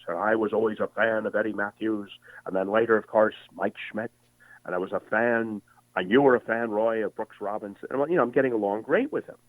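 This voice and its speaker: A veteran broadcaster in his sixties tells animated stories as an interview guest. His voice sits low and comes through a thin phone line, and the sound is dry and close. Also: dry recording. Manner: animated storyteller with many voices. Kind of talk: storytelling interview.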